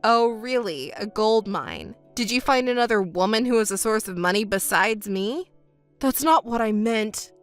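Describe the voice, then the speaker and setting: A woman's voice: on the high side, animated, moderate pace, clear, resonant tone, soft background music, natural voice. A woman voicing a sheepish, deceitful young male ex-boyfriend in a scripted text story. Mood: pleading. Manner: pleading, evasive.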